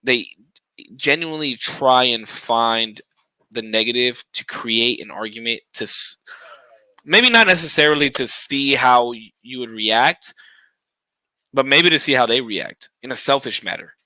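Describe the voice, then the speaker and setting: A man in a relaxed podcast chat, reflecting out loud and swearing freely while thanking followers on his stream. His voice is bright and forceful, recorded close and dry with no room sound. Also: mid-range voice, a little slow, dry recording, poor audio. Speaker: podcast guest and game streamer.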